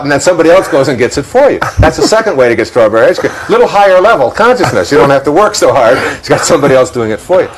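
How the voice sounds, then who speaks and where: A man's voice: medium pitch, big pitch swings, fast, heavy background noise. A man with a Detroit accent, speaking as a guest in a reflective spiritual interview, musing aloud, chuckling often and repeating words as he thinks.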